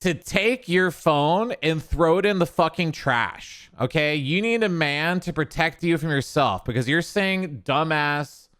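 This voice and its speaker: A man's voice: on the high side, animated, a little slow, few pauses, a bit bright, smooth. A man hosting reaction commentary, sarcastic and crude, mocking what he watches. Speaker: streamer host.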